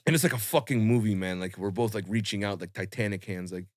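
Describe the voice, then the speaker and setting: A young man telling a long personal story on a podcast in a casual, animated way, full of swearing and fillers. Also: lowish voice, quick pace, no echo, studio quality. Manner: animated, swearing, lots of fillers, acts out quotes.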